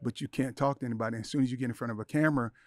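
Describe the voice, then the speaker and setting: A man's voice: medium pitch, fairly even intonation, racing, dry recording, studio quality. A middle-aged man, a podcast guest, telling an emotional personal story with intensity, acting out the voices in his head. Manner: intense, acts out inner voices and quotes.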